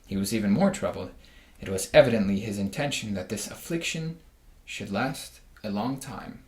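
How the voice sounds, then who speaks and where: A man reads a children's storybook aloud at an easy, measured pace, with a voice pitched in the middle range. The room around him is echoey. He livens up the reading with voices for the animals. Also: darkish tone.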